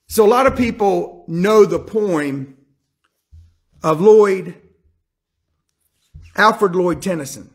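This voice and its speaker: Male preacher, higher voice, dramatic sermon delivery that voices the characters. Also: takes it slowly, long pauses, a bit bright. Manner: acts out biblical characters with rising intensity.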